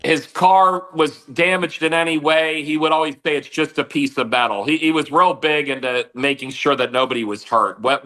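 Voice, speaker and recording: Bright-voiced middle-aged man reminiscing. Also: a little high. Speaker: guest. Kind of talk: casual reminiscing chat.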